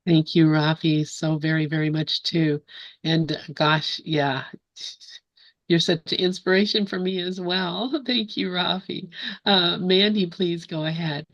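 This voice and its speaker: A woman hosting an online group, speaking gently and reading a poem slowly with long pauses. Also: on the low side, fairly even intonation, no echo. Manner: gentle, measured, pauses often. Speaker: group host. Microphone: video call. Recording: dull dry video call audio.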